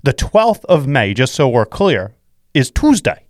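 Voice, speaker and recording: A man hosting a radio show, giving an excitable, repetitive motivational pep talk from home. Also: mid-range voice, unhurried, no echo, studio quality. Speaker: radio show host and real estate investor. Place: at home during quarantine.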